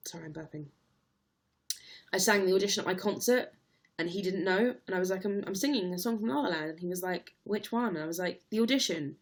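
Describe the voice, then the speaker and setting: Young woman, casual chatty livestream host, slightly low voice, laughs easily. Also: fast. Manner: chatty, laughs readily, reads out viewer comments.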